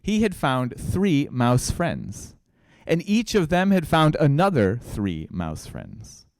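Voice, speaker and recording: Male guest preacher, storytelling sermon, smooth dry voice. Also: a little high, very animated, takes it slowly, darkish tone, dry recording. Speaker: guest speaker.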